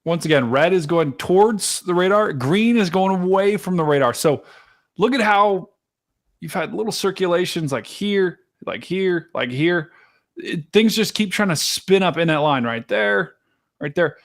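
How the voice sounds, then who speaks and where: A man hosting a live storm-tracking stream, chatting casually to his viewers and explaining radar, excitable and talkative. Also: high voice, a little slow. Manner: excitable, chatty, talks to chat directly. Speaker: livestream weather host.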